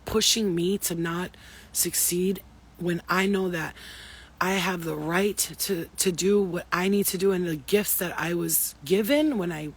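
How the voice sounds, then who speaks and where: A woman's voice: fairly low pitch, steady tone, unhurried, slightly rough. A woman giving an intuitive spiritual reading to her viewers, talking in a profane, emphatic and preachy way. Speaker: spiritual reader.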